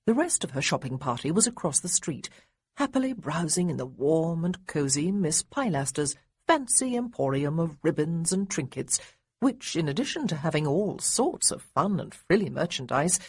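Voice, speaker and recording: Husky, lively woman narrating. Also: deep voice, normal speed, no echo. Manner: expressive, wry storytelling. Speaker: audiobook narrator. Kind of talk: scripted narration.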